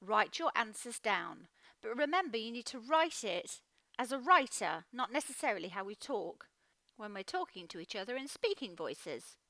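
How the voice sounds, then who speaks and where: A woman teaching a phonics lesson to children, sounding out words slowly and clearly. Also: a little high, lively intonation, sharp tone, dry recording.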